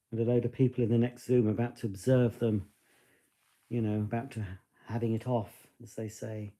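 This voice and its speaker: Male stream host, mellow, rambling home chat. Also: on the low side. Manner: chatty, rambling, talks to his dog. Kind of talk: casual live stream chat.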